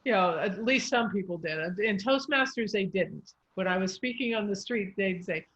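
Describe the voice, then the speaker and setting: A woman's voice: medium pitch, normal speed, a bit bright, rough recording. A woman speech coach explaining English pronunciation in an encouraging, patient way. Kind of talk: coaching session.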